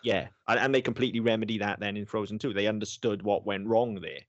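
A man, co-hosting a casual podcast about films, talks in an animated way, swears and laughs often. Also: fairly low pitch, fast talker, no room sound, dull audio. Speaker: podcast co-host. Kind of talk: casual film review chat.

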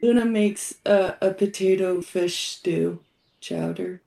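A woman's voice: on the low side, slow, gravelly, dark tone, poor audio. A woman playing a tabletop game, describing her character's actions briefly and matter-of-factly. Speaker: player. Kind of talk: casual tabletop play.

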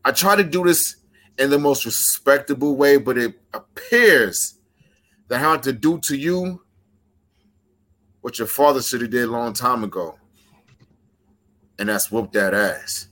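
A man's voice: mid-range voice, expressive, bright, forceful tone. Intense man cutting a wrestling promo. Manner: intense, rhythmic, deliberate trash talk. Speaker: pro wrestler.

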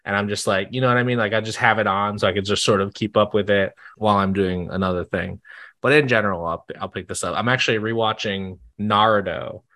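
A young man chatting casually as a podcast guest, animated and laughing often with quick asides. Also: lowish voice.

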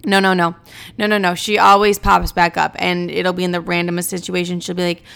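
A woman's voice: lowish voice, little pitch movement, brisk, vocal fry, fairly bright tone, clean tone. A woman in her twenties hosting a podcast, chatting in a blunt, profane, rambling way. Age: 20s. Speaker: podcast host. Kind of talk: casual confessional chat.

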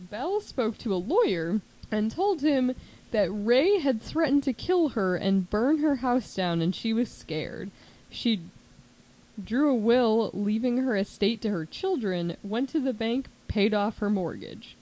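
A woman casually telling a true crime story as a podcast host, chatty and animated, with lots of "like" and quick put-on voices for quotes. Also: a little high, low-quality recording.

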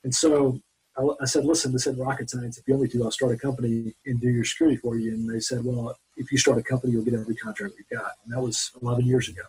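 Man, 40s, husky rough voice, casual storytelling, chatty restarts. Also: medium pitch, fast talker, low-quality recording. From Mobile, Alabama, US. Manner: rambling, animated anecdotes with many restarts. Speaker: guest, former Marine and business founder.

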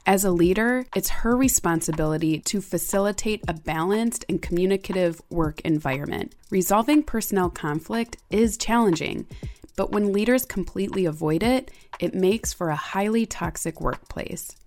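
A woman giving measured, analytical scripted commentary. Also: mid-range voice, darkish tone, slight background noise. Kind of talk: scripted narration.

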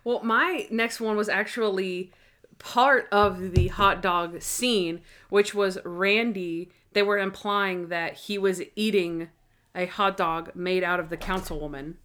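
A woman in casual chat about a TV episode, animated and laughing often, acting out characters' lines. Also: mid-range voice, slow. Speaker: podcast co-host.

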